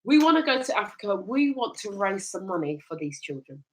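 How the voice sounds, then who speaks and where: A woman's voice: mid-range voice, fairly quick, rough recording. A woman hosts a casual chat show. She tells stories with lots of life and breaks into laughter often. Her tone is easy and conversational. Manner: lively storyteller, laughs often. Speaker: host.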